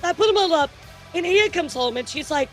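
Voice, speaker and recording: A woman streamer chats casually on a livestream, telling animated stories and swearing freely at a fairly quick pace. Her voice is fairly high, with faint music playing underneath.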